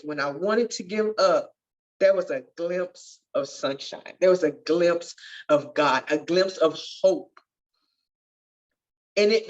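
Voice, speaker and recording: Earnest woman telling her story, low voice. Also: a little mellow, lo-fi sound. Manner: earnest, testifying, swells with feeling. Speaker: podcast guest, nurse. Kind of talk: emotional storytelling interview.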